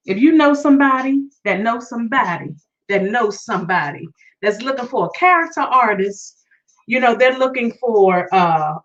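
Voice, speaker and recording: A woman's voice: fairly high pitch, a bit bright. A woman hosting her own vlog, chatting casually and upbeat with viewers, often repeating phrases and sometimes singing her greetings. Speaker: vlog host. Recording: distant, dull lo-fi sound.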